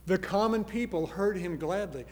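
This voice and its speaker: A man preaching a sermon, earnest, moving from soft pleading to loud emphasis. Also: sits high, moderate pace, big-room sound. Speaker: pastor.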